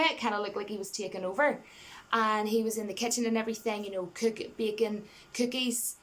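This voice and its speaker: A woman giving a casual, rambling film review, enthusiastic and laughing between points, full of "you know" and restarts. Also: mid-range voice.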